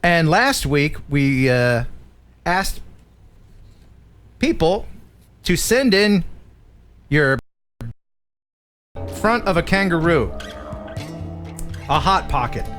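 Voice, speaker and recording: Jokey American male stream host with a higher voice, over faint music. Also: sing-song, extremely slow, pauses often, fairly bright tone. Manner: jokey, laughs often, reads out viewer jokes. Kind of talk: casual live-stream chat.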